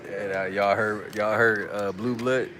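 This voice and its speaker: A man's voice: on the low side, steady tone, unhurried. Laid-back man chatting live, crowd behind. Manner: laid-back slang, reads out viewer comments. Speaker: livestream host. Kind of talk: casual live chat with viewers. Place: press conference media room.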